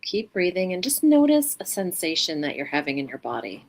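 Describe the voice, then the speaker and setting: A woman hosting a mindfulness show, giving a gentle, unhurried self-help talk with a guided practice in short reflective phrases. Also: lowish voice, very animated.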